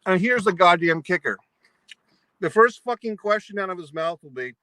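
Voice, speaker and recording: A man's voice: sits high, lively intonation, normal speed, bright, forceful tone, dry recording, poor audio. A man from New England ranting at length, angry and profane, in a vlog monologue. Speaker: vlogger. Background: eating pizza.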